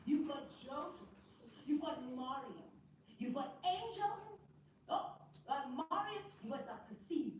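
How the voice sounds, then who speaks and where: A woman hosting a live stream, giving sassy, teasing, animated commentary and often laughing. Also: high-pitched, measured pace, distant mic, a little hiss or hum. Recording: echoey room, away from the mic.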